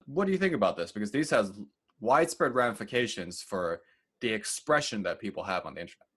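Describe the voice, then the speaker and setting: A lower-pitched man co-hosts a podcast in casual conversation. He talks through news items at length and fills the gaps with asides and "uh"s, in a relaxed, chatty way. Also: quick pace, breathy edge. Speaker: podcast co-host. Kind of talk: casual chat and news rundown.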